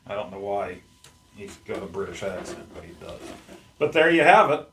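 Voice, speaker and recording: A man's voice: lowish voice, very animated, normal speed, fairly bright tone, slight background noise. A man hosting a casual unboxing vlog at home, chatting in a rambling way as he handles the gear. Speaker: YouTube host. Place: at home among his game collection.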